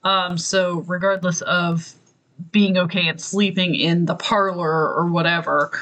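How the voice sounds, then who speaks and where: A co-host walks through a film plot in loose, chatty talk full of fillers. The voice sits at an ordinary middle pitch. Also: steady tone, measured pace, sharp tone, low-quality recording. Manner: chatty, filler-heavy storytelling. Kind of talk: casual film recap chat.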